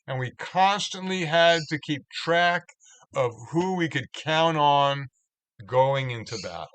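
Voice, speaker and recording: A cantorial spiritual leader teaches a Torah study online, slow and reflective, restarting words as he reads translations aloud. His voice is fairly high and a bit bright, with lively intonation.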